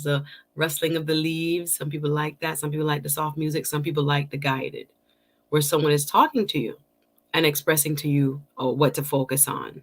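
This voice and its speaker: A middle-aged woman hosting a casual livestream, chatting warmly with viewers, greeting them by name and laughing often. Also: low voice. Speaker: livestream host.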